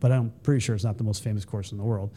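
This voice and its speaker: A middle-aged man from the United States, a retired Special Forces soldier, telling stories casually as a podcast guest and acting out the voices of the people in them. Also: rapid-fire. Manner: animated, acts out quoted voices with high pitch jumps. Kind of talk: casual storytelling.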